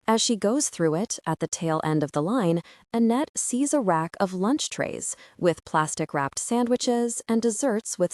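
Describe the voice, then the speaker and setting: A woman narrating a literary short story in an even, measured audiobook reading. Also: fairly low pitch, dry recording, clean studio sound. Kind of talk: scripted narration.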